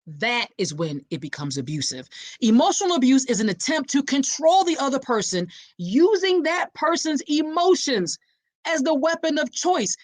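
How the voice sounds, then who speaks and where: A woman host speaks in a fairly high voice that swoops up and down, close to the mic in a dead-dry room. She talks in a preachy, direct way and calls her listeners y'all. She hits key words hard and leaves pauses for effect. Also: dry recording. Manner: dramatic pauses and punchy emphasis. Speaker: podcast host. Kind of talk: emphatic awareness podcast monologue.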